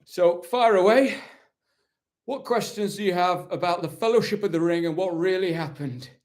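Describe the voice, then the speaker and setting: A man's voice: sits high, moderate pace, darkish tone, lightly acted. A man doing an impression of a proud, weary warrior-captain, talking in a rambling, self-justifying, dryly mock-solemn way during a live question session. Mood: chatty. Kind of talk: live-stream in-character Q&A.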